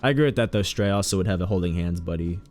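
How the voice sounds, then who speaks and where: A man's voice: low-pitched, racing, a little mellow, soft background music. A man streaming a horror game with casual, sarcastic commentary, joking and swearing freely.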